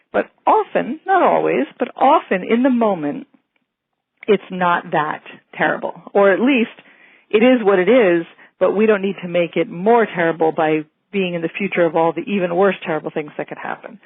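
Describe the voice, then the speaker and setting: Female physician, lecture delivery, calm and explanatory; dry, phone-band audio. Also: fairly low pitch, dry recording, narrow, tinny audio. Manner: calm, explanatory, gently reassuring. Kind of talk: medical lecture.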